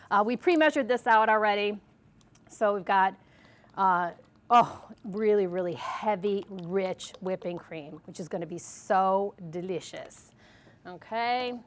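A woman from Arkansas hosting a TV cooking segment, chatty and jokey as she mixes a recipe on a studio kitchen set. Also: medium pitch. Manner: bubbly, jokey, talks to camera while mixing.

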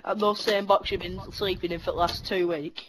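A man's voice: high-pitched, steady tone, fairly quick, noisy background. A man goading and laughing at other players in a game voice chat. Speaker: online gamer. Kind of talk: trash-talking game voice chat.

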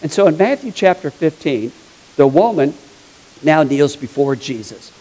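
A man's voice: a little high, expressive, normal speed, mellow, poor audio. A man preaching a sermon as a pastor, telling stories in a chatty, humorous way. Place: church sanctuary.

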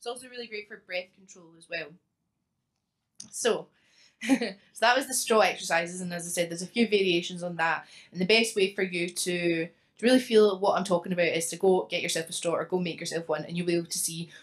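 A woman's voice: on the low side, fairly quick. A young woman from Scotland, teaching a singing lesson as a vocal coach, talking chattily and often laughing.

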